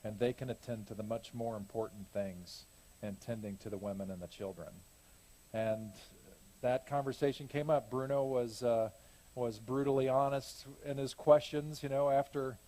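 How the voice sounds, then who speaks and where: With a mellow, mid-range voice, a man gives a casual, rambling report on his church's mission trip. He frequently corrects himself and laughs at his own jokes.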